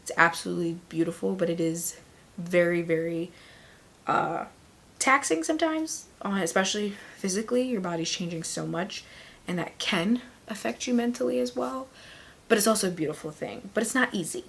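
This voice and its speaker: A heavily pregnant woman talking casually to her camera, short of breath, rambling with fillers and often dropping to a breathy near-whisper. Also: mid-range voice, normal speed, fairly bright tone. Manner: chatty and rambling, many fillers, laughs often. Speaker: vlogger.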